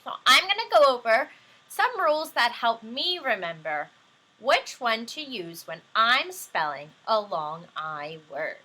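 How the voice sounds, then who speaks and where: Slow, bright-voiced woman teaching phonics. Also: a little high, sing-song. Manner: slow, patient, explains step by step. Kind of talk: recorded phonics lesson for young children.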